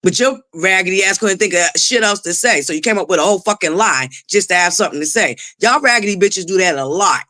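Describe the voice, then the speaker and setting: A woman's voice: medium pitch, animated, fast talker, hardly any pauses, bright, forceful tone, no room sound. A woman hosting a casual livestream who greets chatters by name, laughs often and swears freely. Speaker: livestream host.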